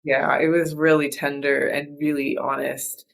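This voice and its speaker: A woman podcast host talks in a relaxed, reflective chat. Her voice carries a gravelly, creaky edge. She rambles earnestly and softly, circling back with fillers and restarts. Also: low voice, unhurried.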